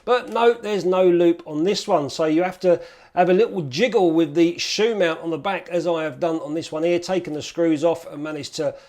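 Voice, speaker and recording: A man's voice: fairly high pitch, normal speed, darkish tone, no room sound. A man chatting casually and upbeat to camera as a film photography vlogger.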